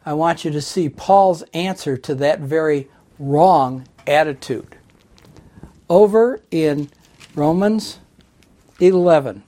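A male preacher delivers a Bible-teaching sermon at an unhurried, deliberate pace. His voice is warm and mellow, never sharp. He reads scripture aloud and explains it point by point. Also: a little high.

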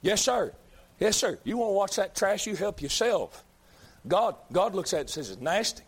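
A man preaching a fiery sermon, hammering his points with repetition and rising to shouts. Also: high voice, big pitch swings, moderate pace, breathy edge. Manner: emphatic, repeats lines, builds to shouts.

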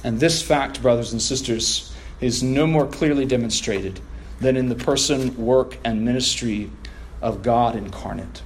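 A man's voice: mid-range voice, a little slow, slight background noise. A man preaching an evening sermon to his congregation, reading scripture and stressing key words emphatically. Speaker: pastor.

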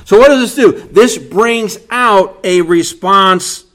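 A man preaching an earnest expository sermon, slow and deliberate. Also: sits high, a bit bright.

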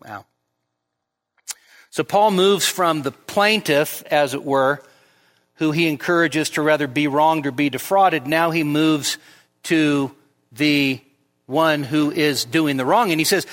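A man preaching in a church sanctuary, with a high-pitched voice. He delivers an expository sermon with emphatic stresses. The long reverb of the hall trails each phrase. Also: slow, long pauses, a bit bright. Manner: emphatic, rises sharply on quoted lines. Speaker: pastor.

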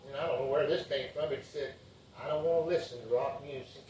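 An older pastor tells homey family stories during a revival sermon and drops an "amen" every few lines. His mid-pitched man's voice sounds from some distance in a very echoey church with faint background noise. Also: steady tone, fairly quick. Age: 60s. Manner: folksy, with frequent amens and fillers.

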